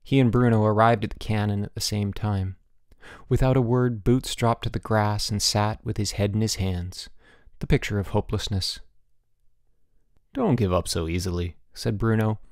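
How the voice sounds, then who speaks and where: A man reading a children's novel aloud as an audiobook narrator, expressive and giving each character a voice. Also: on the low side, moderate pace, clear, resonant tone, dry recording, clean studio sound. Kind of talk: scripted narration.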